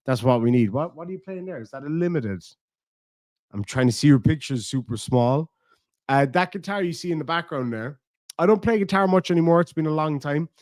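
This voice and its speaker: A man's voice: medium pitch, a little mellow, no echo. Dry-voiced Irish man chatting on stream. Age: 30s. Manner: rambling and heartfelt, swears freely. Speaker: live streamer reading viewer messages. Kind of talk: casual live-stream chat. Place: room at home.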